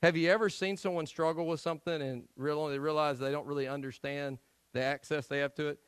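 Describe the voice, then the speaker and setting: A male pastor preaching a sermon to his church, telling stories with acted-out voices and swinging between loud emphasis and quiet asides. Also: a little high, brisk, clear, resonant tone, no room sound, low-quality recording. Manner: animated storytelling, acts out quoted voices. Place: church sanctuary.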